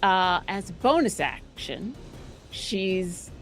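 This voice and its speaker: A woman's voice: mid-range voice, very animated, slow pace, soft background music. A woman playing a tabletop game, describing her character's actions in a rambling way with restarts. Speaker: player.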